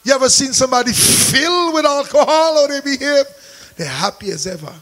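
A man preaching a sermon, calling out to the congregation and rising into shouts. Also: extremely high pitch, lively intonation, brisk, rough recording. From Caribbean. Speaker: pastor.

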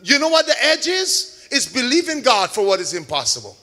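A man preaching a sermon to a congregation, shouting key words, drawing out call-and-response and mixing in chatty everyday examples. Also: very high-pitched, wildly swooping pitch, a little fast, few pauses. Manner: homely store examples, chatty asides. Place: church service with a congregation.

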